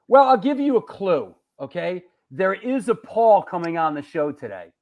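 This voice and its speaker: A man from New York hosting a live show, chatting casually, joking and giving shout-outs to viewers. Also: sits high, big pitch swings, normal speed, few pauses, dull audio. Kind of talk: casual live-stream chat reading viewer comments.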